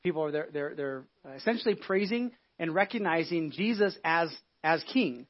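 A man preaching a casual, conversational sermon as a pastor, telling the story in an animated way with many restarts and asides. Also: on the high side, moderate pace, muffled recording. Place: church.

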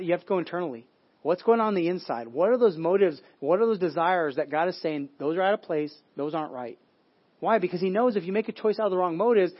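A man's voice: sits high, slightly rough, muffled recording. A man preaching a sermon as pastor, telling a story in a conversational way with frequent restarts and repeated words.

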